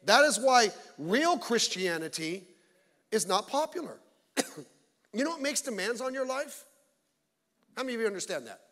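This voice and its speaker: Male pastor, very high voice, blunt joking sermon, long church reverb. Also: big pitch swings, normal speed, pauses often, fairly bright tone. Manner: blunt, joking, mocking asides. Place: church sanctuary.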